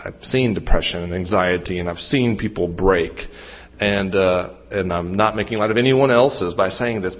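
Husky-voiced pastor preaching conversationally. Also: male voice, on the low side. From Western Maryland. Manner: conversational, self-deprecating, with restarts and asides. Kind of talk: sermon. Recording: muffled, dull sound.

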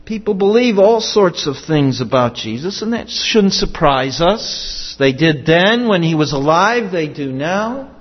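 A man's voice: a little high, very animated, unhurried, hardly any pauses, slightly rough. A man preaching a sermon in an earnest, emphatic way, repeating his key questions. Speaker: pastor. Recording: dull sound with long hall reverb.

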